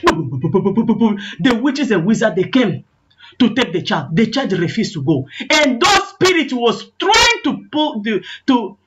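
Impassioned high-voiced woman evangelist preaching. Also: big pitch swings, slow pace. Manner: impassioned, repetitive, rising to shouts in prayer. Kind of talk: sermon testimony, storytelling with acted quotes. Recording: muffled lo-fi online call audio.

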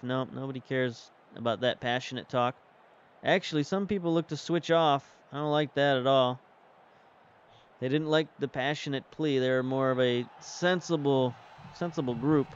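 A man's voice: mid-range voice, fairly even intonation, normal speed, clear, resonant tone, highs cut off. A man casually commentating as he plays a football management game, thinking aloud about tactics and substitutions. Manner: chatty, thinks aloud while managing the match. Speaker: game streamer. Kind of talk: casual commentary while playing.

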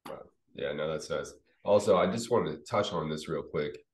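A man hosting a podcast, chatting casually in a relaxed, teasing way. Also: very deep voice, normal speed. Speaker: podcast host. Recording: roomy echo.

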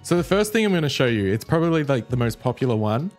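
A man's voice: medium pitch, big pitch swings, fast, darkish tone, soft background music. A young man with an Australian accent hosting a reaction video in casual chat, talking chattily and stumbling over his words.

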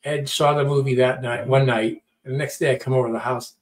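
A man's voice: medium pitch, steady tone, quick pace. A middle-aged man telling a story in casual talk, acting out quotes and often repeating words. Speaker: podcast storyteller.

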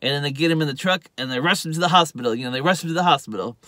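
A man gives a loose, rambling recap of a TV episode, filling it with "uh" and "you know." His voice is bright and forceful, recorded dry and close with no room sound. When he quotes the characters, he jumps louder and higher. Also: very fast, dry recording. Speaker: TV show reviewer. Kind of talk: casual spoken recap.

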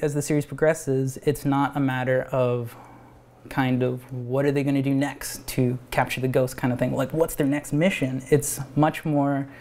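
A man, an animator pitching his own cartoon at a live event, talking in a rambling, animated way with frequent restarts and laughs. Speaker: animator and show creator.

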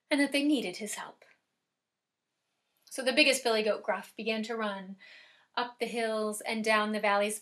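Dramatic storytelling woman, higher voice. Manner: dramatic, swells loud and drops soft. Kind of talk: lively oral storytelling for families.

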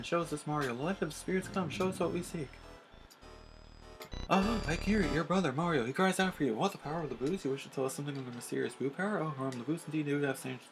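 A man raises his voice to play a grandiose female ghost fortune teller from a video game. She chants and swoons over her crystal orb in a high, theatrical register, full of melodrama. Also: fast, music in the background, close to an everyday voice. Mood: mystic. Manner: melodramatic, incantatory.

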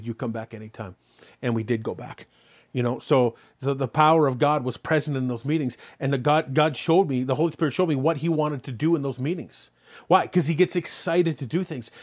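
A man preaching a sermon as pastor, telling a story and then driving points home with repeated rhetorical questions. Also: fairly high pitch. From Canada. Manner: animated preaching, rhetorical questions, rising loud on key points.

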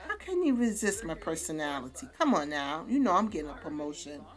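A woman's voice: sits low, big pitch swings, a little fast, voice pushed down. A woman voicing a boastful, sassy young woman character in a life-simulation game. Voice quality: sassy, teasing.

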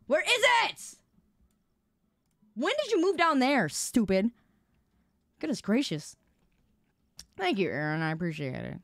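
A woman streamer chatting casually with her viewers, loud and expressive, quick to protest and tease. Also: mid-range voice, no echo, studio quality.

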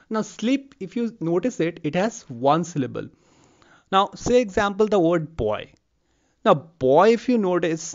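A man's voice: on the high side, lo-fi sound. A man teaching a lesson, who repeats example words aloud and says okay often. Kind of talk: explaining a lecture. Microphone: lavalier.

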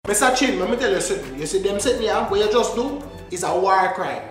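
A man's voice: sits high, expressive, fast. A Jamaican man hosting a reaction video, giving comic commentary in a mock-outraged patois rant. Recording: echoey room with faint music.

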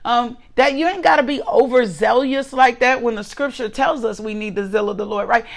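A woman's voice: fairly high pitch, fairly quick. A woman in her forties reading scripture and preaching a devotional message, fervent and repeating her phrases. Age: 40s. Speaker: host and preacher.

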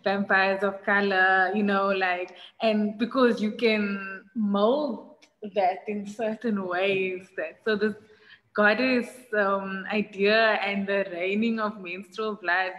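A woman's voice: medium pitch, fairly even intonation, slow, fairly bright tone, in a large hall, poor audio. A woman moderating a panel discussion, casual and enthusiastic, asking questions and reacting with interest. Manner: enthusiastic, casual, uses slang.

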